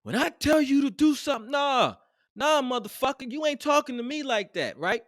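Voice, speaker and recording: A man telling a heated workplace story in a casual, animated and profane way, emphatic and expressive. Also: very high-pitched, moderate pace, no echo, studio quality.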